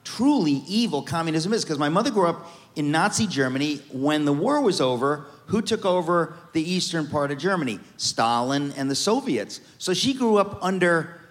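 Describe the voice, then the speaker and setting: A man from the United States, a guest author telling his life story on stage in an animated, joking way. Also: a little high, normal speed, few pauses, big-room sound.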